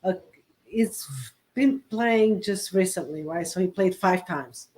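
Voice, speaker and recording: A woman in casual conversation, telling a parenting story with animated energy and acting out the dialogue. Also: mid-range voice, slow. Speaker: parent guest. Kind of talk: casual chat.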